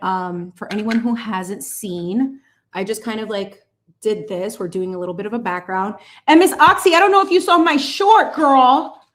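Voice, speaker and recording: A woman in her late thirties hosting a live painting stream, chatting casually and animatedly with viewers as she paints. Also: medium pitch. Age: 30s. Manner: chatty, animated, greets chat viewers with squeals. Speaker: painting livestream host.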